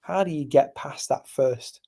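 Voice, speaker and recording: A young man from England, co-hosting a podcast and telling stories animatedly, jumping from loud to hushed. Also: mid-range voice, measured pace, vocal fry, husky. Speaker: podcast co-host. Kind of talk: casual chat.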